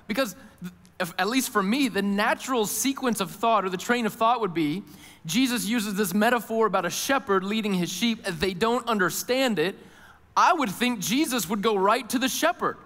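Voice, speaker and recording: A male pastor preaching a sermon, who moves between hushed, intimate lines and loud, emphatic ones and often speaks in the first person as the people he describes. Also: high voice, animated, normal speed. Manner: voices Jesus and worried listeners in first person. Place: church auditorium. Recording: long hall reverb.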